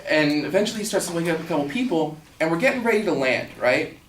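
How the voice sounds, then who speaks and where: A young man telling a story live, casual and animated, full of likes and you-knows. His slightly high voice sounds echoey from a distant mic, with faint room ambience underneath. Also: quick pace, a little hiss or hum. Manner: casual and animated, with lots of fillers.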